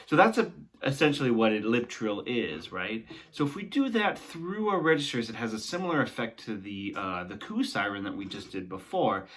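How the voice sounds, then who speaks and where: A young male singing teacher guides students through a vocal warm-up, encouraging them, talking along with the exercises, and often ending with "right?". His voice is lowish and fairly bright, with big pitch swings, at a normal speed.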